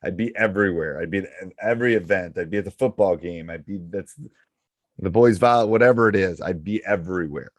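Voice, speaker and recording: Low-voiced emphatic coaching host. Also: male voice, brisk, no room sound, clean studio sound. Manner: emphatic and repetitive, hammering points home. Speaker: basketball coach and podcast host. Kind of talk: casual coaching advice chat.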